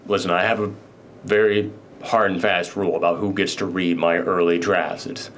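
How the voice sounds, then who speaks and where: A man doing a low, calm male author. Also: moderate pace, slight background noise. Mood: firm.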